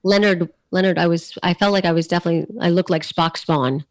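A woman voice actor chatting as a guest in an interview, a lively storyteller who often restarts her sentences. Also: on the low side, fast, noisy background. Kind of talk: casual interview chat.

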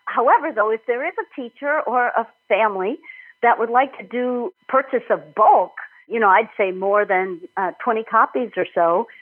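A middle-aged woman from Minnesota, an author being interviewed on a podcast, talking warmly and enthusiastically with frequent laughter. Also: on the high side, normal speed, husky. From Minnesota, United States. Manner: warm, enthusiastic, laughs often. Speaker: author and nutrition guest. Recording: tinny phone-like line.

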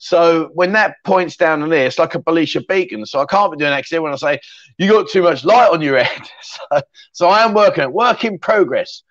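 A man's voice: a little high, expressive, brisk, a bit bright, dry recording, lo-fi sound. A man hosting a casual livestream chat show from his home, reading out viewer comments with rambling, self-mocking banter. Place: home room with a fridge behind him.

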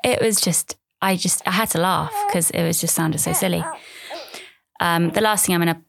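Woman, thirties, low gravelly voice, candid rambling podcast chat, dry close sound. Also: normal speed, no room sound. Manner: candid, rambling, self-deprecating. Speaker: podcast host.

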